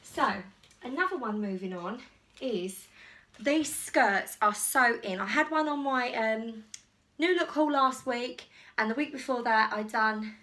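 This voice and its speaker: With an unhurried, high-leaning voice that's bright and forceful, a fashion vlogger rambles enthusiastically through a casual try-on haul at home. The sound is echoey, recorded from a distant mic.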